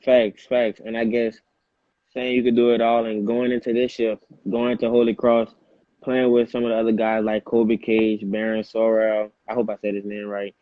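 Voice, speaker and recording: Low-voiced man on a phone-like line. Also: completely flat delivery, moderate pace, no room sound. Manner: casual, leans on "like" and "for sure". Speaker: interviewer. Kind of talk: casual interview questions.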